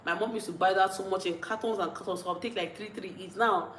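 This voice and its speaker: A woman's voice: medium pitch, fairly even intonation, fast talker, fairly bright tone, reverberant, a little hiss or hum, low-quality recording. Giggly Nigerian woman chatting on a livestream. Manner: rambling, giggly, full of restarts. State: a bit tipsy and mellow. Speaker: vlogger. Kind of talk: casual livestream chat reading comments.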